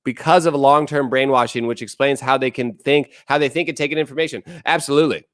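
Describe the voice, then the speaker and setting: A man's voice: mid-range voice, fairly even intonation, quick pace, dry recording, clean studio sound. Blunt, foul-mouthed male streamer. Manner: blunt, profane, opinionated ranting; answers chat messages aloud. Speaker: live streamer. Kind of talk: casual live-stream chat.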